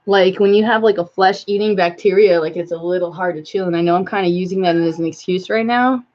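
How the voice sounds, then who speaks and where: A woman's voice: lowish voice, fast talker, a little mellow. A woman talking casually to viewers on a live stream, rambling with many fillers and asides. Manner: rambling, filler-heavy, talks to viewers and her cat. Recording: slightly dull lo-fi stream audio.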